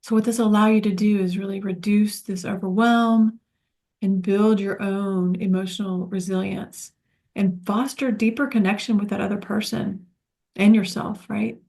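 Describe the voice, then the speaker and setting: Gentle woman with an even voice. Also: mid-range voice, moderate pace, creaky. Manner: gentle, soothing, reflective. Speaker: course facilitator. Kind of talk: spiritual self-help teaching.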